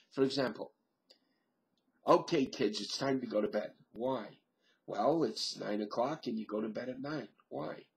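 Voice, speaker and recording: Guy rambling to his webcam, slow and gravelly, lots of uhs. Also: mid-range voice. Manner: slow, musing, thinks aloud with many pauses and fillers. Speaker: vlogger. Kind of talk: rambling solo webcam monologue.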